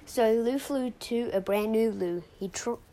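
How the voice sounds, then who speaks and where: Slow, sing-song woman reading a kids' story. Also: a little high, warm tone, rough recording. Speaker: storyteller host. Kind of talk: reading a children's story aloud.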